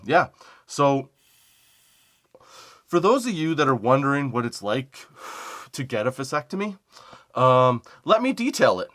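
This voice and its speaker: A young man hosting a comedy podcast, telling a rambling, profane personal story and often laughing at himself. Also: medium pitch. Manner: animated quoting of phone calls. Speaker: podcast host.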